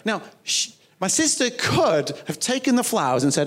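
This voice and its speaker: Animated man preaching. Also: on the high side, moderate pace. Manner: animated, emphatic preaching with quoted asides. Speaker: pastor. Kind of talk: sermon.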